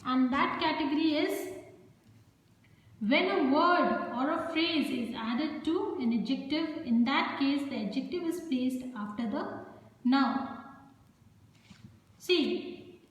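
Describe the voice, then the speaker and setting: A woman with a high voice takes a school grammar lesson slowly and patiently, circling back to each point and often checking in with "okay." Her voice rings out in a very echoey room with a long reverb tail. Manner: patient, repeats points, frequent "okay" and "you know". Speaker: teacher.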